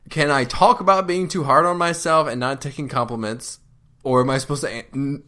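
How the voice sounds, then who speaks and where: A man's voice: mid-range voice, steady tone, fairly quick, pushed and bright. A man co-hosting a podcast with his wife, bantering in a sarcastic, self-deprecating and mock-dramatic way. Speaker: podcast co-host. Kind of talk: casual banter with spouse.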